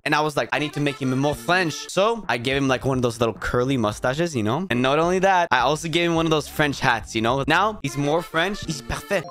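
A man's voice: on the high side, expressive, brisk, hardly any pauses, a bit bright, soft background music. A man giving casual, joking commentary as a video creator, teasing and sarcastic as he talks to his viewers.

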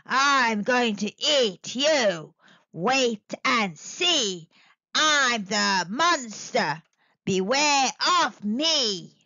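A hairy, boastful male monster from a children's picture book, growling out slow sing-song threats and bragging, played by a woman reading aloud. The voice sits fairly high and swings widely in pitch. The sound is close and dry, a little dull. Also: expressive, bright, forceful tone, no echo, full character voice. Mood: menacing singsong. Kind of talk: children's storybook read-aloud.

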